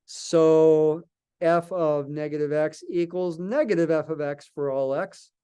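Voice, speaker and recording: In a warm, clean voice on the high side, a math lecturer addresses his calculus class at an unhurried, steady pace, his voice slightly raised. He thinks through the material aloud, restarting and answering his own questions, giving it the feel of an unscripted classroom lecture.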